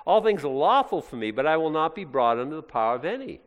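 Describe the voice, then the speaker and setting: A man preaching a sermon as pastor, animated and jokey, with playful asides. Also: on the high side, fast talker, narrow, tinny audio. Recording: long hall reverb.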